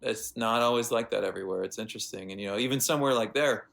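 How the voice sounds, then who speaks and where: An American man, a veterinarian guest, telling animated stories in a casual interview with plenty of fillers. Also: fairly low pitch, quick pace, gravelly. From United States. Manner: animated anecdotes with lots of fillers.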